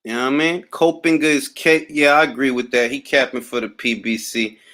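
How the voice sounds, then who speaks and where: A man's voice: mid-range voice, fairly even intonation, a little fast, sharp tone. A young man from Harlem with a New York accent, hosting a casual boxing talk livestream and reading out viewer comments in a laid-back, wry, drawling way. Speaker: boxing talk host reading live chat.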